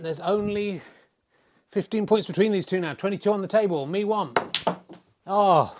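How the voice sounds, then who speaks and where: Middle-aged man, slightly high voice, wry deadpan snooker-style commentator. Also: moderate pace, pauses often, slight background noise. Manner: wry, self-mocking, swears in mock exasperation. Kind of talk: mock sports commentary.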